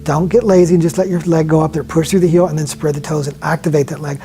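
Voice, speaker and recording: A man leading a yoga class, giving calm, slow step-by-step cues and often dropping his voice softly. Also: a little high, faint music behind. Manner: calm, slow guiding cues with soft drops in volume. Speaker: yoga instructor. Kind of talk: guided yoga class instruction.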